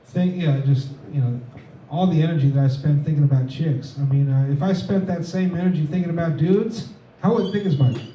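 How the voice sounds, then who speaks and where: A man doing a stand-up set in a comedy club, delivering deadpan one-liners with halting fillers. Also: on the high side, recorded from a distance. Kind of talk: stand-up set at an open mic. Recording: echoey room, mic heard from afar, faint noise.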